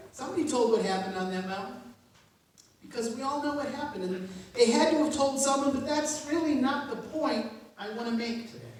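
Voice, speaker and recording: A woman pastor in her fifties preaching a sermon in a relaxed, humorous way, laughing along with her own jokes. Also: a little high. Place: church sanctuary. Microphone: distant room mic. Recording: very echoey church from far off.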